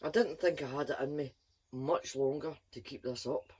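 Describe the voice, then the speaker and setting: A woman reading a children's story aloud in a lively, expressive first-person voice. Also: rumbling low, moderate pace, husky.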